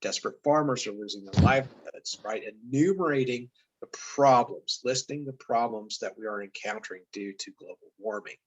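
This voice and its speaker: A male teacher talking through a lesson in a loose, conversational way. He fills gaps with ums and uhs and corrects himself as he explains. His voice sits at an ordinary middle pitch. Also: brisk, hardly any pauses, slightly rough, poor audio. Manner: loose, chatty, with many fillers and self-corrections. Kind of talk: casual classroom lesson.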